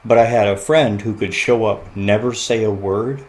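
Man, podcast guest, fairly low voice, earnest, reflective, laughs often, heartfelt chat. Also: moderate pace, darkish tone.

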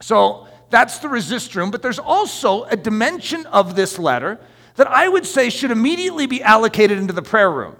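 A man preaching a sermon in an emphatic, animated way with playful asides, recorded in a church hall with a long echo. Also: high voice, a little fast. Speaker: pastor.

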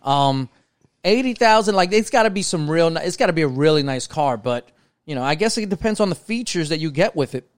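A young man from New York talking loosely on a podcast, his voice sitting on the higher side. He rambles, piles up fillers and restarts his thoughts. The sound is dry and close to the mic. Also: lively intonation, brisk, clean tone, dry recording. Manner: loose, rambling, lots of "like" and "you know". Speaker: podcast co-host. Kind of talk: casual podcast chat.

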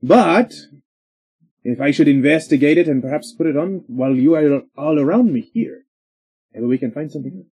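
Playful man role-playing with a husky voice. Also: fairly high pitch, moderate pace, mellow, rough recording. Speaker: player. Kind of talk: in-character role-play.

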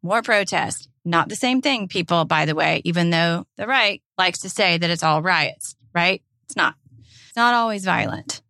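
A woman's voice: on the low side, normal speed, sharp tone, no room sound, studio quality. A woman with a Southern US accent, co-hosting a podcast in casual chat, emphatic and impassioned, swearing freely. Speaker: podcast co-host.

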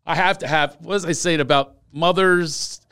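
A man hosting a casual comedy podcast, joking and teasing his guest with animated banter. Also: a little high, moderate pace, clean tone. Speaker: podcast host.

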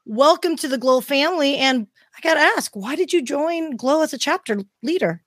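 A woman from Southern California hosting a podcast in an upbeat, chatty way, giving shout-outs. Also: sits high, expressive, normal speed, no echo, clean studio sound. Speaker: podcast host. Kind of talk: casual podcast chat.

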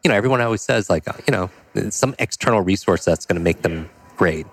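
A man telling a personal story as a podcast guest, animated and full of "like" and "you know". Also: sits low, fast, slightly rough. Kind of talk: storytelling in a conversational interview.

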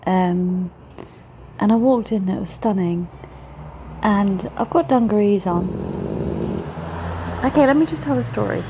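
Walking through the city and talking to camera, a woman in her 40s who vlogs about travel speaks at a medium pitch, a little slowly, with long pauses. She's chatty, blunt and swears a lot. Street traffic comes through on the phone recording.

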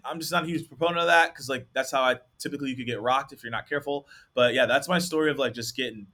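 Brief: male host, lively anecdote teller, crisp bright voice. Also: medium pitch, racing, hardly any pauses. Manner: animated, talks with many likes. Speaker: podcast host and sales rep. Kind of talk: casual storytelling.

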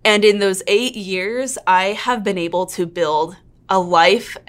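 A woman in her thirties hosting her own real estate coaching channel, talking earnestly and openly to camera, quick to get emotional. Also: medium pitch. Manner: earnest, open and emotional, laughs and nearly cries. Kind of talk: intro narration then casual one-on-one chat to camera.

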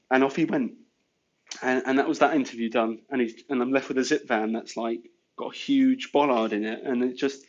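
Speaking at a medium pitch, a chatty guest business owner rambles through casual stories, leaning heavily on "you know" as filler. The sound is dull and lo-fi.

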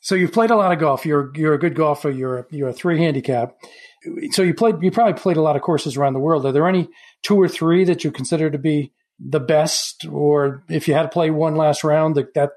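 A male interviewer with a slightly raised pitch asks his guest questions. He is friendly and conversational, often restarting his sentences. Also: fairly quick, a little mellow.

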